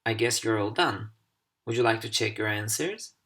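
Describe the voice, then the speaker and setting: A man teaching English over slides, speaking slowly and deliberately with careful pauses. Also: on the low side, sharp tone. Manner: slow, deliberate, carefully paced. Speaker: English language instructor. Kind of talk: slide-based recorded lesson.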